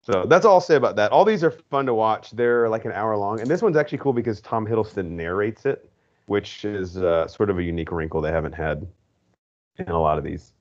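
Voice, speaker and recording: A man's voice: fairly low pitch, lively intonation, a little fast, lo-fi sound. A man hosting a podcast, chatting enthusiastically in a casual way with frequent fillers. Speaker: podcast host. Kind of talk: casual chat.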